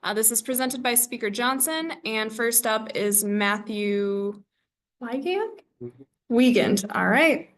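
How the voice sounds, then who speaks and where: A woman chairing a student government meeting, reading the agenda and roll call in a brisk, scripted way. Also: fairly high pitch, fairly bright tone.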